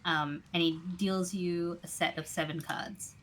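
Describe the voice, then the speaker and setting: Woman game master, slow and low, relaxed hesitant narration. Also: a little hiss or hum.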